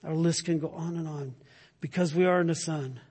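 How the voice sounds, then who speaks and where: Man, pastor, high-pitched husky voice, sermon, loud emphasis dropping to hushed asides. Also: steady tone, fairly quick, in a large hall.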